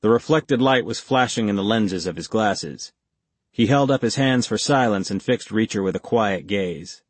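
A man narrating a thriller audiobook in an even, deliberate storytelling manner. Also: on the low side, dry recording.

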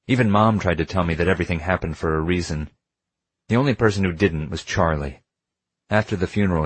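A man narrating an audiobook in the first person, reading in a measured, intimate way. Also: low-pitched, slightly rough, dry recording.

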